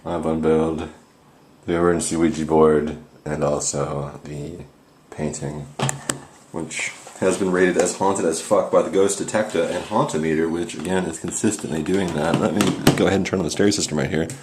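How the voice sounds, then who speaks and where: Man, very low voice, comic ghost-hunt host, rambling fake panic, echoey room with noise. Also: fairly even intonation, normal speed. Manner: rambling, feigning panic and awe. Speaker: host of a mock paranormal investigation. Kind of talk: comic mock-serious ghost hunting.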